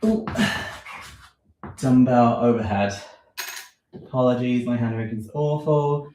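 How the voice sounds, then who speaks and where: A fitness vlogger leads a live home workout from a room in his house, talking casually and thinking aloud with lots of ums and self-corrections while a bit out of breath. His mid-range voice is slow and dark-toned, in a rough, roomy recording with slight background noise.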